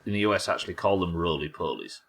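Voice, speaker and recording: An English man with a low voice and a slightly bright tone commentates his live game stream at a quick clip. He's wry and sweary, bantering casually with viewers as he plays.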